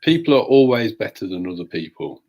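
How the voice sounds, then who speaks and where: A man on a live show calmly giving his opinions on boxing. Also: fairly low pitch, dull audio. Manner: measured, opinionated. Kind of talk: casual boxing analysis.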